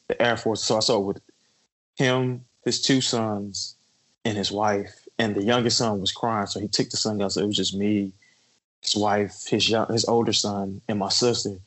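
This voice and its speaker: A man's voice: fairly low pitch, low-quality recording. A man in his twenties co-hosting a casual podcast, telling stories animatedly with casual swearing. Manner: animated storyteller, swears casually, lots of fillers. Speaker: podcast co-host.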